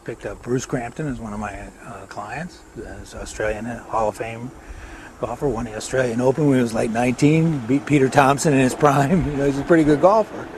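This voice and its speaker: A man's voice: medium pitch, a little fast, a little mellow, slight background noise. An older American man telling rambling golf stories in a casual interview, chuckling now and then. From United States. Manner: rambling anecdotal storyteller with chuckles.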